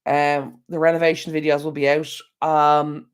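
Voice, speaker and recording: A man's voice: a little high, little pitch movement, normal speed, clear, resonant tone. Tired, chatty Irish man on a live stream. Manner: rambling, chatty, talks to viewers directly. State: tired and yawning. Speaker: channel host. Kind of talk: casual live-stream chat. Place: at home. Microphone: external microphone.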